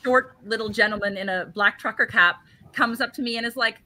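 A young adult woman, a guest on a live online interview, telling stories in a casual, animated way with blunt short answers. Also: on the high side, brisk. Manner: animated storyteller, blunt one-word answers. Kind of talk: casual live-stream chat.

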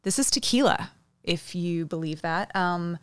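A woman's voice: on the low side, unhurried, dry recording. A woman co-hosting a podcast, telling stories and laughing often. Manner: chatty storyteller, laughs often. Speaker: podcast co-host. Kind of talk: casual chat.

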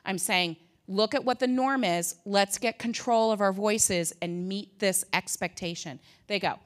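A woman in her fifties, a conference presenter telling lively stories with humorous asides. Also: medium pitch, unhurried. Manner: lively storytelling with asides, humor and acted quotes. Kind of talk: conference talk.

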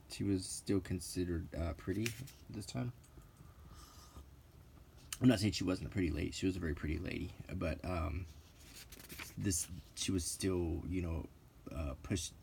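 A middle-aged man with a deep, gravelly voice talks through a show-and-tell in a soft, unhurried way. His mellow tone drifts along with plenty of ums and small corrections, and faint noise sits under the voice. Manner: meandering and unhurried, with frequent ums and self-corrections. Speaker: vlogger.

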